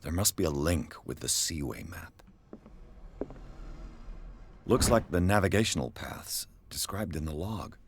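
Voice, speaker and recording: An actor playing a calm male investigator in a game, muttering his thoughts in a measured way. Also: low-pitched, slight background noise. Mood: musing. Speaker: game character. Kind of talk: game voice acting.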